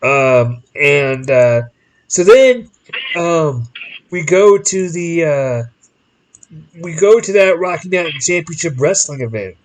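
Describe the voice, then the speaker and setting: A man's voice: a little high, slow, low-quality recording. A man hosting a podcast, telling a long story in casual chat and acting out the people in it with changing voices, often restarting his sentences. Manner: animated, acts out quoted people in different voices; rambling with frequent restarts. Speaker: podcast host.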